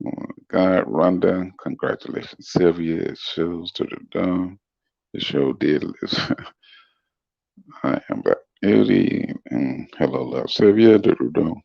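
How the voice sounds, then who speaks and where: A middle-aged man with a remarkably low, smooth voice and a gravelly edge talks easily on a livestream, greeting commenters and chuckling. The stream audio is dull and lo-fi, with a dry, close sound. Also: measured pace, no room sound. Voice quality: very deep smooth voice. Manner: laid-back, chuckling, greets commenters by name. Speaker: livestream guest reading chat comments. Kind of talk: casual livestream chat.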